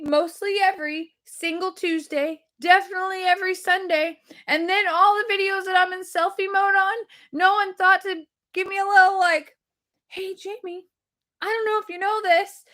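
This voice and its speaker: A woman's voice: very high-pitched, steady tone, a little slow, fairly bright tone. A woman, hosting a weekly video and telling a rambling, self-deprecating story to her viewers. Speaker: host of a weekly video segment.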